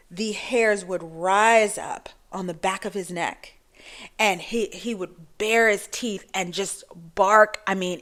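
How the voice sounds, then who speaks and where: A woman in her forties talking casually to camera in a chatty, rambling monologue with frequent asides. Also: medium pitch. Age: 40s. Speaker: vlogger.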